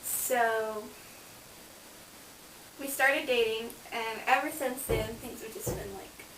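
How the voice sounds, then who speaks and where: A woman's voice: fairly high pitch, steady tone, slow, a bit bright, far from the mic. Bubbly young woman telling a story. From Kansas. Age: young adult. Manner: bubbly, chatty, lots of "like" fillers. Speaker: college student. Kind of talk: casual personal storytelling vlog. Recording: roomy, off-mic, faint hiss.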